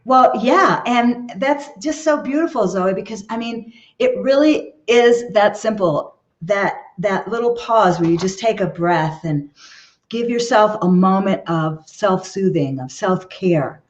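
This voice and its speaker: A woman's voice: mid-range voice, measured pace, muffled recording. A woman guesting as a relationship expert, talking earnestly in an interview and often checking in with "okay?". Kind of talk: conversational interview advice.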